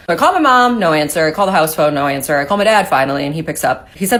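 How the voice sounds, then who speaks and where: A woman's voice: sits low, animated, very fast, few pauses, a bit bright. A woman in a casual storytime video, acting out her family's voices as she tells it.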